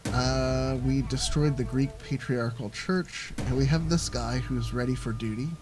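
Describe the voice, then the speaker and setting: A man's voice: mid-range voice, fairly even intonation, unhurried. A man giving casual gameplay commentary, rambling and thinking aloud with lots of fillers. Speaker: let's play host.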